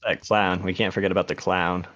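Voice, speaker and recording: Low-voiced man on a dull, lo-fi mic. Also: level tone, a little fast, a bit bright. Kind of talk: casual gaming podcast chat.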